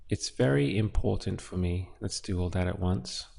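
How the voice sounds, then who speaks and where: A man's voice: sits low, gravelly, mellow. A man teaching a Spanish lesson, explaining translations word by word. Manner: slow, explanatory, talks through each word. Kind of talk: relaxed language lesson.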